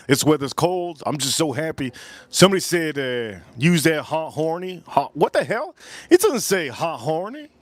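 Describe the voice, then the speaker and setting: A man's voice: fairly high pitch, dry recording. Rowdy, crude man livestreaming outdoors. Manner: rowdy, crude, repetitive, talks to chat. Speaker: livestream host. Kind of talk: casual livestream chat with viewers. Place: outdoors in cold weather.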